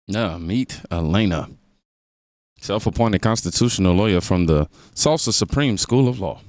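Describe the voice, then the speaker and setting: A man's voice: deep voice, animated, moderate pace, darkish tone, no room sound, clean studio sound. A man hosting a reaction video, delivering sarcastic, mocking commentary on news clips.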